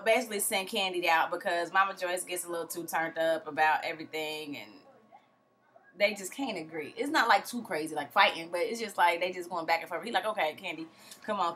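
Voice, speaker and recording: A woman's voice: lowish voice, pushed and bright, slight background noise. A woman recapping a reality show from home in a casual, chatty way, full of slang and acted-out quotes. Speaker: TV recap vlogger.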